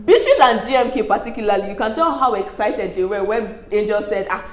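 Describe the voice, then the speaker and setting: A woman's voice: medium pitch, brisk. A young Nigerian woman chatting casually as she recaps reality show drama, acting out what people said and laughing often. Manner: animated, quotes people in lively asides, laughs often. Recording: echoey room.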